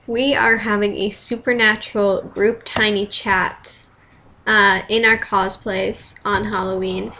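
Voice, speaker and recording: A teenage girl chats loosely to her webcam, working through a list of fan dares with offhand swearing and a self-mocking tone. Her voice sits at an ordinary middle pitch. A steady layer of noise runs under the home recording. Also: slow, poor audio. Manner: rambling, self-deprecating, swears casually. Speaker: vlogger. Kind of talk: casual vlog answering fan dares.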